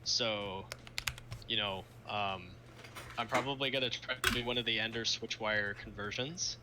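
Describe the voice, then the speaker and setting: A man's voice: on the low side, fairly even intonation, measured pace. A young man streaming live, chatting casually about circuits, laughing often and trailing off mid-sentence. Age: young adult. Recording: faint background noise.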